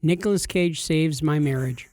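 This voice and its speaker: Higher-voiced joking podcast man. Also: moderate pace, a little mellow, dry recording, clean studio sound. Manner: jokey, teasing. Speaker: podcast co-host. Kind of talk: casual chat.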